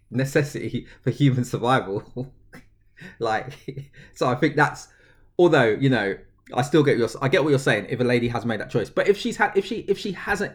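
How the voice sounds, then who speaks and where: A young man, co-hosting a podcast in casual chat, rambling and hesitant and laughing often. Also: mid-range voice. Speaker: podcast co-host.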